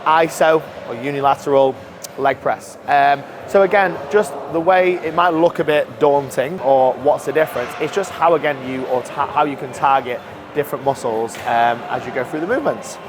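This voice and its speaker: A man's voice: mid-range voice, normal speed. Chatty man touring a noisy gym. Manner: chatty, informal, self-deprecating. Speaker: gym staff giving a tour. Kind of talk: casual walkthrough explanation. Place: large indoor gym.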